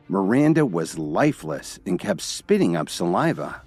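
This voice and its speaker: Deep voiced guy reading a drama story, lively ups and downs, quiet music in back. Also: moderate pace, husky. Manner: dramatic storytelling, all voices by one reader. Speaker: narrator. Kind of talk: scripted story narration.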